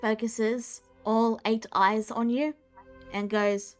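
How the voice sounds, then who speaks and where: A woman narrating as game master of a tabletop game, playful and lively. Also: fairly high pitch, slow, soft background music.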